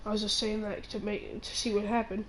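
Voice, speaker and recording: A teenage girl ranting on her own channel, rambling and halting with many restarts, sounding indignant. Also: mid-range voice, level tone, slight background noise, poor audio. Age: teens. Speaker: channel owner. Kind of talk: ranting vlog.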